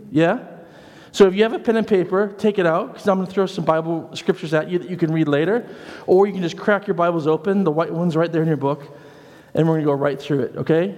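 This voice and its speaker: A man preaching a lively, conversational sermon in a church, acting out voices as he tells stories. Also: a little high. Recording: church hall reverb.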